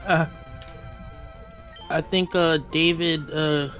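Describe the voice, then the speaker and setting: A man's voice: takes it slowly, soft background music. A man co-hosting a casual chat, speaking hesitantly with frequent "uh" fillers. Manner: hesitant, full of "uh", relaxed and low-key.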